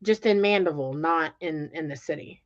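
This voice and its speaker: A woman telling a story in casual chat, animated and exasperated, with lots of fillers and restarts. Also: sits low, fairly quick. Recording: dull lo-fi sound.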